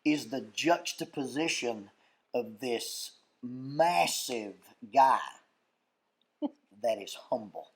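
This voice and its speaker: A man in casual panel chat, telling stories with animated delivery and fancy words. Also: medium pitch, takes it slowly, breathy edge. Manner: animated storyteller who reaches for fancy words. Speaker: skit troupe member on a panel.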